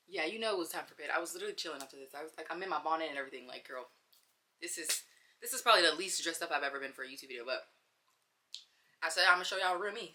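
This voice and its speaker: A young woman speaks to her camera at home in a relaxed girl-talk storytime between bites of food. Her voice is bright and forceful but sits slightly low, and she rambles candidly, circling back with fillers and restarts. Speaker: vlogger. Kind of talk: casual girl-talk storytime while eating. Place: at home, wearing a bonnet.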